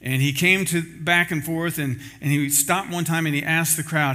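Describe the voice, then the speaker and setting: Forceful male pastor preaching. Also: on the high side, steady tone, normal speed, few pauses. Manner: storytelling, acting out quoted voices; ends in a spoken prayer. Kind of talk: sermon.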